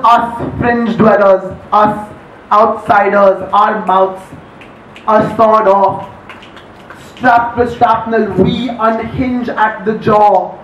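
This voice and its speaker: Intense high-voiced man performing spoken word. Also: fairly bright tone, dull audio, slight background noise. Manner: intense, declamatory, shifting pace. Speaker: poet. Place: live poetry event in a venue. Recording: echoey live room recording.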